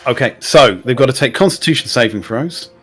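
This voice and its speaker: A man running a tabletop game as game master, with relaxed, descriptive narration and rules asides. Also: medium pitch, fairly quick, slightly rough, faint music behind.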